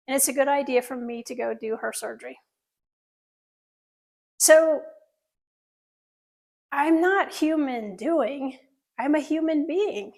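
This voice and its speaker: High-voiced woman telling a candid story. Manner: earnest, candid storytelling with audience asides. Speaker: plastic surgeon telling her story. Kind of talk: personal story told to an audience.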